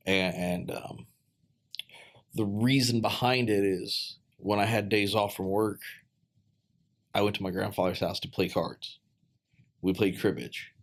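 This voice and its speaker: In a relaxed podcast conversation, a man with a fairly low voice tells a personal story. He speaks earnestly and haltingly, restarting phrases and filling pauses with ums, and his voice often drops soft and quiet.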